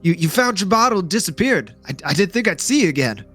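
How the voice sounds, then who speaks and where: A man's voice: high-pitched, very animated, fast talker, a bit bright, soft background music, pitched above the performer's own voice, heavily acted. A man doing a stammering drunk portly guy. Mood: pleading. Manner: stammering, slurred and whiny. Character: drunk portly middle-aged man, confused and rattled.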